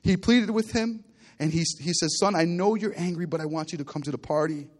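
A man delivers a sermon, retelling the story with lively, animated delivery. His voice sits a touch high for a man, and he swings between hushed asides and loud bursts. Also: a little fast. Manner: animated storytelling preacher, acting out characters with big swings in loudness. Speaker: pastor.

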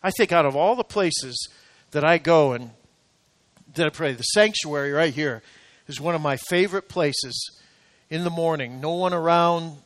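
A male pastor preaches in a church sanctuary, his fairly high voice climbing to emphatic, ringing peaks before sinking into soft, close talk. The room adds a long, trailing reverb to every line. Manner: preaching with swelling rising emphasis, then dropping to quiet intimate talk. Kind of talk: sermon.

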